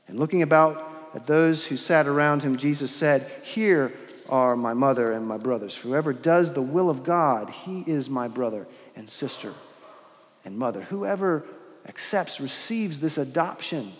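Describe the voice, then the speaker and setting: Earnest male preacher in echoing cathedral. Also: medium pitch. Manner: earnest, measured preaching with pauses and restarts. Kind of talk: sermon. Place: large church with long reverb. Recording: long hall reverb.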